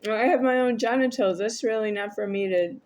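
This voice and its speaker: A woman's voice: a little high, a little fast, a little mellow. A woman vlogging a rambling, argumentative monologue to camera, addressing an unseen listener.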